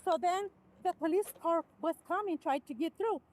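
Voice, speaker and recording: A woman telling police in a rambling, animated way how her truck was hit. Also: very high-pitched, normal speed. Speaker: hit-and-run victim. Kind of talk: recounting an incident to police.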